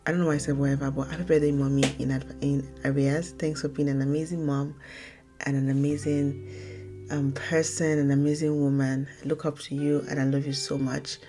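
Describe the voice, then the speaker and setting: A young woman from Nigeria hosting her own casual podcast, talking fast and rambling, often correcting herself mid-sentence. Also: deep voice, level tone, dark tone, soft background music. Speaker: podcast host. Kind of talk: casual solo podcast talk.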